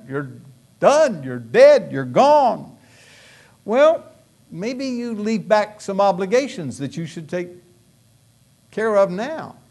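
A male pastor preaches with an animated, swooping voice that sits a little high for a man. He drives his points home with emphatic rhetorical questions, leaning into key words. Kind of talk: sermon.

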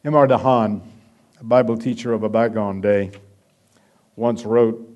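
A man preaching a sermon, emphatic, swelling loud and then dropping to a hush. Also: on the low side, fairly even intonation, measured pace, long pauses.

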